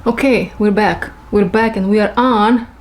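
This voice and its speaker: A woman who speaks English as a second language, giving an intuitive spiritual reading to her viewers. She talks slowly, repeats her phrases and searches for words. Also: mid-range voice, reverberant. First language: not English. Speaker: intuitive reader.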